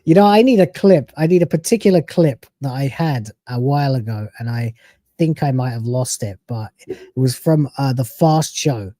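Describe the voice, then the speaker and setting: Streamer host, man, mellow tone, dry close mic, profane ranting commentary. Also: medium pitch, expressive, dry recording. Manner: profane, ranting, quick to laugh. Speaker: streamer reacting to a video.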